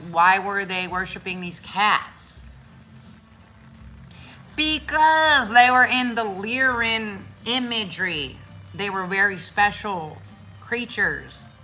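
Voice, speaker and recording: A woman chatting casually about spirituality, loose and slangy, swearing freely and acting out little voices as she tells stories. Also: mid-range voice. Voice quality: animated storytelling with voices. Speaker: spiritual content creator.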